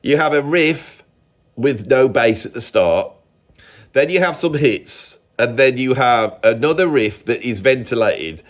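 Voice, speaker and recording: In an unhurried, expressive, mid-range voice, an Englishman offers rambling music commentary. He's opinionated, speaks casually, and often stops himself partway through a thought.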